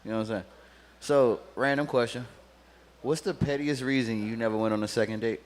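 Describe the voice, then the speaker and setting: A man's voice: medium pitch, steady tone, a little fast. A laid-back, joking man, hosting a casual drinking talk show. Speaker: host. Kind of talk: casual chat.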